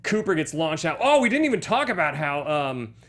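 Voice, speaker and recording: A man in his thirties co-hosting a movie podcast, joking and animated as he talks. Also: a little high, a little fast. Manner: jokey, animated, slips into silly voices. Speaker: podcast co-host. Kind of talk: casual movie chat.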